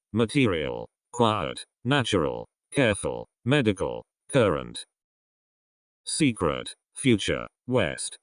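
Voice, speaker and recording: A man reading an English vocabulary list aloud, one word at a time with pauses. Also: low-pitched, dry recording, studio quality. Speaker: vocabulary reader.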